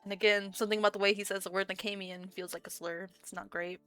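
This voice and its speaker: A woman's voice: medium pitch, level tone, fast, fairly bright tone, clear, resonant tone, no room sound, soft background music. A woman narrating a tabletop role-playing game as game master in a casual, chatty way.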